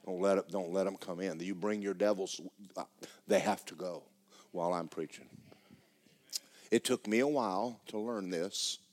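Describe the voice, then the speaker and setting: A pastor with a fairly low voice preaches to his church. He moves from loud, excited storytelling to quiet, hushed passages. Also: moderate pace. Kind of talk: sermon. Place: church sanctuary.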